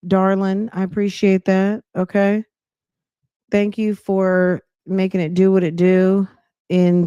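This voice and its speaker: A woman's voice: fairly low pitch, dark tone, smooth, no room sound, clean studio sound. A woman hosting a podcast, chatting casually and a little out of breath, talking straight to her viewers with slang. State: slightly out of breath. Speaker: podcast host. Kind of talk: casual commentary chat.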